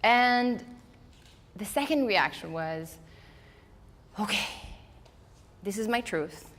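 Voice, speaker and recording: A woman's voice: medium pitch, slow pace. Woman speaker, english not her first language, acts out her own thoughts, faint room hum behind. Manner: animated storytelling, acting out her own inner voice. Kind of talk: motivational talk. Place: event hall before a live audience.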